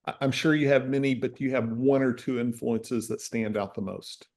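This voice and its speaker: A man hosting an interview over a video call, speaking in a relaxed, conversational way. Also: mid-range voice, normal speed. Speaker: host, interviewer. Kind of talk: casual interview.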